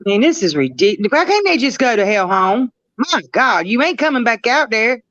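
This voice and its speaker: A blunt woman talking on a live stream, her voice swinging lively up and down as she mocks and scolds. The sound is dry and lo-fi, with the thin, dull quality of stream audio. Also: fairly high pitch, moderate pace, dry recording. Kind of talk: casual profane chat.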